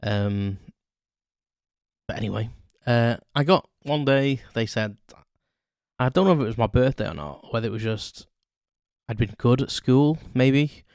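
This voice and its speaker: A man hosting a solo podcast tells childhood stories casually, rambling, correcting himself and chuckling. His medium-pitched voice is a little slow with a darkish tone, recorded in studio quality with no room sound.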